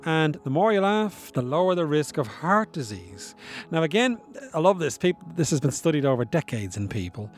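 A man's voice: a little high, sing-song, normal speed. A man explaining science in a casual, chatty way, often asking his listeners rhetorical questions. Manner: chatty, asks rhetorical questions, demonstrates laughs. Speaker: science presenter. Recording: dry with faint music behind.

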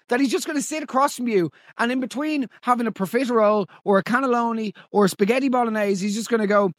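An Irish man hosting a comedy podcast, talking in animated, incredulous and profane banter. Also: very high-pitched, quick pace, few pauses, no room sound, clean studio sound. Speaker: podcast host. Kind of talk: casual comedic monologue.

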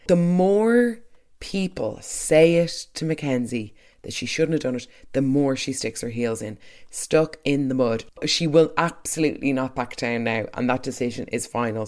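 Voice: mid-range voice, a little mellow. A speaker giving an opinionated, chatty recap of a soap episode, trailing off into asides.

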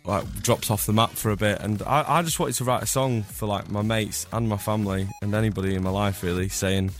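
A young man from Scotland, a singer guest, chatting in a radio interview with a slightly hoarse voice from flu, rambling and laughing often. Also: on the low side, fairly even intonation, brisk, soft background music. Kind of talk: casual radio interview chat. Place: radio studio.

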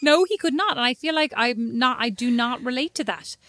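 A young Irish woman co-hosting a podcast, chatting casually with her sister, teasing her and protesting loudly. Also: on the high side, animated, a little fast, no echo. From Ireland. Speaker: podcast co-host.

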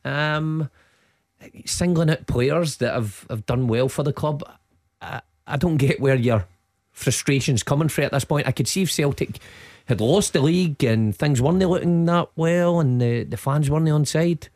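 A man's voice: fairly high pitch, moderate pace, a little mellow, no room sound. A man co-hosts a sports radio phone-in, earnestly arguing back at a caller. He sits close to a dry studio mic. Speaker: radio co-host.

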